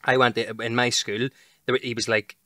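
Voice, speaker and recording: A man in his thirties with a Belfast accent, a comedian chatting as a podcast guest and telling stories with lively, sweary energy. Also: mid-range voice, a little fast, no room sound, clean studio sound. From Northern Ireland. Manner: animated storyteller who swears freely. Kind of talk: casual chat.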